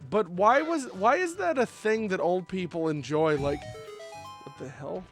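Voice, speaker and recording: A male streamer chatting casually while he plays, spinning rambling anecdotes full of fillers. His voice sits a touch high and he talks animatedly. Soft game music runs underneath. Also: expressive, measured pace. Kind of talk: casual gameplay chat.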